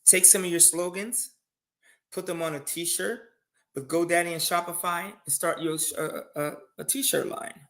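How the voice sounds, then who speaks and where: A man's voice: a little high, unhurried. A man giving casual advice on loans and side businesses in a live conversation, telling stories with many restarts. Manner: animated storytelling, many restarts. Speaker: guest finance speaker.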